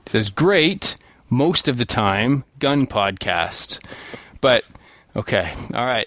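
A man's voice: mid-range voice, animated, slow pace, a bit bright, no echo. A man co-hosting a podcast, laid-back and jokey, reading listener reviews. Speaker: podcast co-host. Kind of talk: casual podcast chat.

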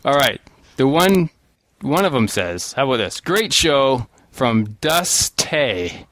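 A man's voice: medium pitch, very animated, slow pace, fairly bright tone, dry recording. A man co-hosting a podcast, laid-back and jokey, reading listener reviews. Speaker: podcast co-host. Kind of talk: casual podcast chat.

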